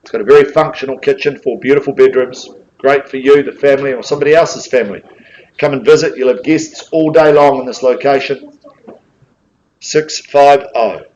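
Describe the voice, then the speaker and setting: A man's voice: mid-range voice, normal speed, darkish tone, lo-fi sound, slight background noise. A man with a New Zealand accent calling a live property auction, coaxing bidders with jokes between bid calls.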